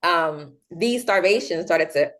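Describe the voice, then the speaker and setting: A woman's voice: lowish voice, takes it slowly. A young adult woman, a guest in a casual interview, telling her story with many fillers and acting out the voices of others. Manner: animated, acts out quoted voices, many fillers.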